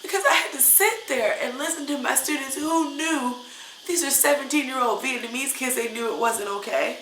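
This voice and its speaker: A woman's voice: high voice, moderate pace, fairly bright tone, a little hiss or hum. Upset woman venting in a roomy room. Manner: upset, venting, hesitant fillers. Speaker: English teacher. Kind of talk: casual emotional vlog. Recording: roomy echo.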